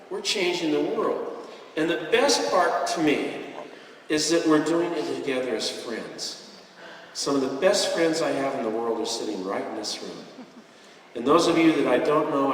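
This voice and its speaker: A man's voice: medium pitch, a little hiss or hum. Earnest man speaking in an echoey hall. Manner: earnest, heartfelt, with gentle jokes. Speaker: guest speaker at a business convention. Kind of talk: inspirational stage speech. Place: large convention hall, indoors. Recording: echoey hall, voice picked up from far off.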